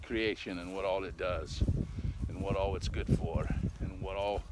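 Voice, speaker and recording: A man's voice: sits low, steady tone, moderate pace. An older man talking casually while walking his dogs outdoors on a country road, folksy and chatty, tagging "eh?" onto his lines and a little out of breath. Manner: folksy, talkative, ends lines with "eh?". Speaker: vlogger. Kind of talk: casual rambling monologue. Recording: noisy outdoor recording. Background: dogs and rural outdoor sounds.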